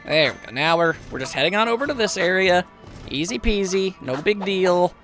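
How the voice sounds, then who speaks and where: A man talks through a video game as he plays, wry and chatty, poking fun at his own mistakes. His voice sits high and bounces around a lot, with a bright, forceful edge. Faint game music plays beneath him. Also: animated, a little fast. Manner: chatty, wry, self-mocking asides. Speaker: gameplay commentator. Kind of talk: casual let's play commentary.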